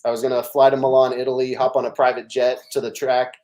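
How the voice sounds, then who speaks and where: This middle-aged man talks fast in a mid-range voice while guesting on a podcast. He tells stories in an animated, casual way, full of fillers and restarts.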